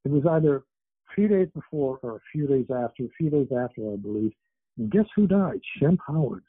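A man's voice: medium pitch, animated, a little fast, breathy edge, dry recording. A man in his seventies, an author who was born in England and raised in Canada, chatting in a rambling way with many fillers as an interview guest over a tinny phone line. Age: 70s. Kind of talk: casual interview chat.

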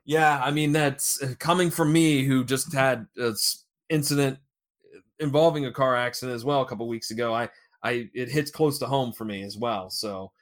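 A man hosting a casual podcast, chatting about wrestling news and jumping between loud and quiet remarks. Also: mid-range voice, steady tone, moderate pace. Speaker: podcast host.

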